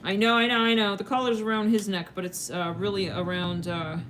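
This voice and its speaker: A woman gives a rambling, informal tarot reading straight to her viewers. She talks with plenty of fillers and breaks into quick laughs, her pitch sitting in a middle range. A faint hum of background noise runs under her voice. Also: flat delivery. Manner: chatty, rambling, full of fillers and sudden laughs. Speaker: tarot reader. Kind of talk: casual tarot reading to camera.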